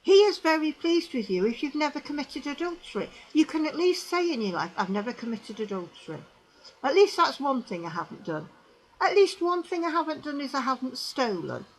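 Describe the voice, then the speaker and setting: A woman's voice: high-pitched, big pitch swings, fairly quick, low-quality recording. A woman giving an emphatic religious commentary monologue, repeating herself and asking the viewer "don't we?". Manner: emphatic, repetitive, tag questions to the viewer.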